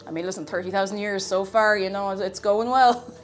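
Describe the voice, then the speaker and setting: A woman's voice: mid-range voice, fairly even intonation, a little fast. A young woman chatting with her stream chat in a playful, bubbly way, a little out of breath. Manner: bubbly, playful, sing-song asides. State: slightly out of breath. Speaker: livestreamer. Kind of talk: casual stream chat, reading chat aloud. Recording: music playing behind the voice.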